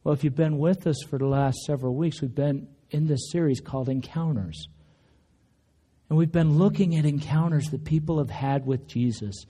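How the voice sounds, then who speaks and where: A man preaching a sermon in church, telling stories conversationally and acting out quotes. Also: warm tone. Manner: conversational storytelling, acts out quotes with raised pitch. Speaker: pastor. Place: church sanctuary.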